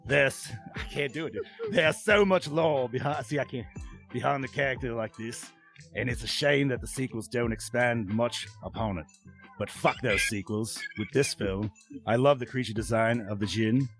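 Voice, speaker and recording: A man's voice: medium pitch, moderate pace, a bit bright, faint music behind. A man hosting a casual film review podcast. He swears freely, giggles often and keeps losing his place. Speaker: podcast host.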